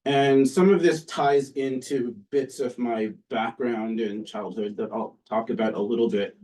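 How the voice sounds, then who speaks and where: Male professor, conversational lecture, mellow tone, mic set well back. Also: medium pitch, steady tone, recorded from a distance, rough recording. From Canada. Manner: conversational, with frequent "um" and "uh" pauses. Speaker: political science professor giving a book talk. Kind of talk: academic lecture. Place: lecture room with an audience.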